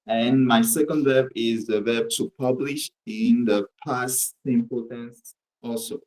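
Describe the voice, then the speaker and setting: A man speaks as a student presenting his homework to the class. He explains it methodically, one step at a time, with a mid-range pitch. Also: steady tone, takes it slowly, a little mellow, poor audio.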